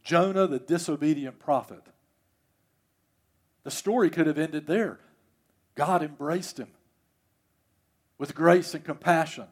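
A male pastor preaching in church with a high, bright voice. He builds to loud emphatic peaks, then drops to a hush. The delivery is heartfelt and full of swings in volume. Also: a little slow, pauses often. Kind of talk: sermon. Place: church, service also streamed.

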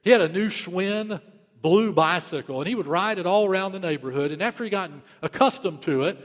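A man's voice: sits high, fairly quick, long reverb tail. A man preaching a sermon, telling a story in an urgent, emphatic way and repeating key phrases. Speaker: pastor.

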